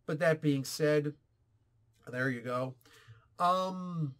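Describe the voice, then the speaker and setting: A man in his forties giving a casual, opinionated comic book review, animated and sarcastic. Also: on the high side, drawn-out words. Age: 40s. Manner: animated, ranting, sarcastic asides.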